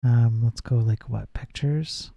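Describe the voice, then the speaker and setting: Mellow-voiced man chatting on a coding stream. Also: mid-range voice, slow pace, gravelly, no echo, clean studio sound. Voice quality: says his voice gets nasal when projecting. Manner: thinks aloud, reads chat, trails off and restarts. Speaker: live-streaming programmer. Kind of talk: casual live-stream chat while coding.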